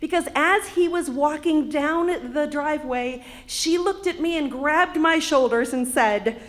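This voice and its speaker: A woman's voice: high-pitched, measured pace. A woman in her fifties from Wisconsin, with a Wisconsin accent, telling a personal story on stage with a wry, humorous delivery. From Wisconsin, USA. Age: 50s. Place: arts center stage.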